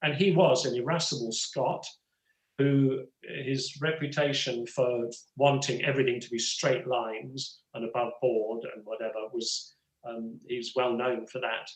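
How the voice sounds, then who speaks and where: A man's voice: medium pitch, flat delivery, a little slow. Rambling older man in a roomy space. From England. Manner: rambling, full of "you know" asides. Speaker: guest actor and writer. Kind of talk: relaxed storytelling conversation.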